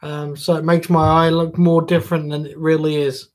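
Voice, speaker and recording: A man's voice: on the high side, flat delivery, normal speed, darkish tone. A man chatting casually to viewers on a live stream, jokey and swearing freely.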